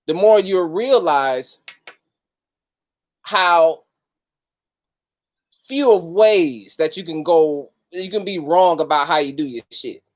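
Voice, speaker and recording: Man, fairly high voice, casual stream host, slangy and profane, shout-outs to viewers. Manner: loose, profane, street slang, greets viewers by name. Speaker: host of a livestream talk. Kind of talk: casual livestream talk.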